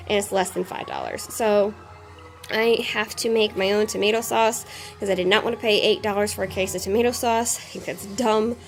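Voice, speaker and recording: Slightly breathless from a chest cough, a woman in her thirties rambles through a haul vlog at home, laughing often and using plenty of fillers. She speaks in a mid-range voice.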